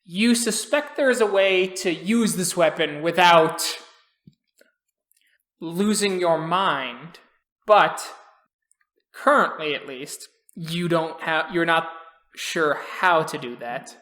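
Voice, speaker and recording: Man as game master, calm rules narration, roomy echo. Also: on the high side, slow pace.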